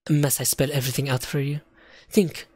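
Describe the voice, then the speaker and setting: A man voicing a cold, scheming female director villain in a video game, speaking slowly and menacingly in a lowered voice. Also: level tone, darkish tone, no room sound, studio quality, natural voice.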